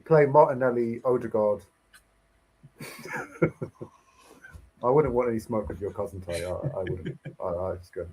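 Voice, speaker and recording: A man's voice: fairly low pitch, measured pace, long pauses, mellow, a little hiss or hum, low-quality recording. A man joining a casual football chat as a guest, full of teasing banter. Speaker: guest panelist.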